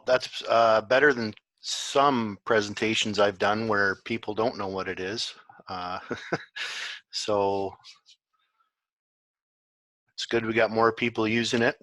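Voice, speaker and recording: A man presenting a webinar in a relaxed way, with many fillers. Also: lowish voice, moderate pace, no echo. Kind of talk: online presentation.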